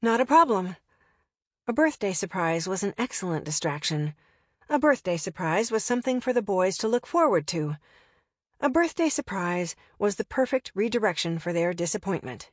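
A woman's voice: medium pitch, very animated, normal speed, no echo, clean studio sound. A woman narrating an audiobook in a wry, conversational way.

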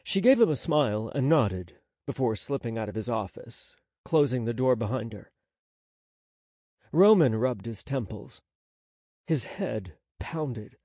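A man narrating an audiobook in a measured, unhurried storytelling manner on a close studio mic. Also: medium pitch, lively intonation, dark tone, no echo. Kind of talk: scripted narration.

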